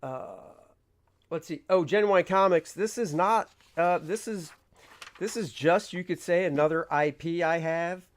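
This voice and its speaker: A comic artist livestreams in a relaxed, rambling way, reading chat questions aloud and acting out his panels. He speaks a little slowly, with a slightly high voice.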